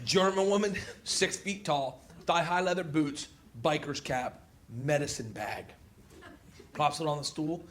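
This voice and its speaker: A young man telling a crude stand-up story, excitable and laughing through his lines. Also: fairly high pitch, a little slow. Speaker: stand-up comedian. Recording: heavy noise in recording.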